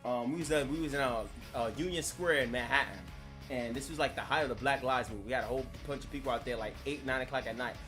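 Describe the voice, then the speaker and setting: A man's voice: medium pitch, quick pace, music in the background. A man ranting and telling stories on a live stream, brash, mocking and laughing at his own jokes.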